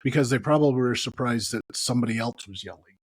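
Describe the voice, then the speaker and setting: A man co-hosting a podcast, chatting casually and low-key, often chiming in with short agreement. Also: quick pace, slightly rough, no room sound. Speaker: podcast co-host. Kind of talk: casual chat.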